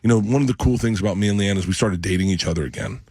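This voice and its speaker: A man's voice: lowish voice, very fast, a little mellow, husky, no room sound. A middle-aged man, a comedian guest in a radio studio, telling a rambling story and acting out the voices of the people in it. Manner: rambling, acts out quoted voices.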